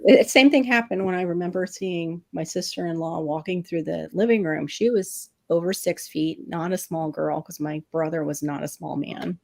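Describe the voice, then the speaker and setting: A middle-aged woman from Florida hosting a casual chat, telling animated stories and laughing often. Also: lowish voice, normal speed, vocal fry, few pauses. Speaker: livestream host.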